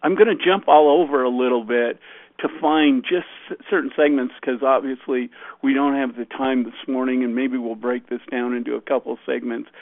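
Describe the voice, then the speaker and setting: A man's voice: medium pitch, no echo. A man hosting a radio show, chatting casually and rambling with plenty of fillers. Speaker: radio host. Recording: tinny phone-like, dry.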